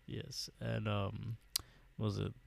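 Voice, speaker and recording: Low gravelly guy retelling a tv episode, lots of ums and pauses, dry close sound. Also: completely flat delivery, no room sound. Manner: hesitant, many fillers, laughs often. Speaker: podcast co-host. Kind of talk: casual episode recap.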